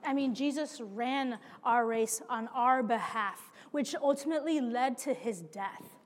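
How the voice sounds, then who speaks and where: A woman preacher telling a personal story in a sermon, animated and speaking to her listeners directly as friends. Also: a little high, measured pace. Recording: long hall reverb.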